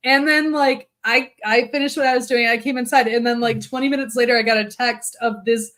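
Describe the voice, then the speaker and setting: A woman co-hosting a podcast, chatting casually and telling an animated story with plenty of swearing. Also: a little high, brisk. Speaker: podcast co-host. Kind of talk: casual chat.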